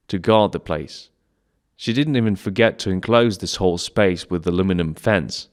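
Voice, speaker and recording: A man's voice: lowish voice, smooth. Man telling a plaintive childlike monologue. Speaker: solo stage actor. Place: theatre stage.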